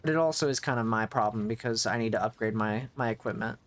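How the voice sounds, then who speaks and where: A man's voice: fairly low pitch, fast. A man streaming a video game, giving casual running commentary that rambles and often restarts mid-thought to correct himself.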